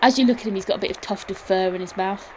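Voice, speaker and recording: A woman narrating a tabletop game as game master, in a steady, descriptive way. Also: medium pitch, very fast, background noise.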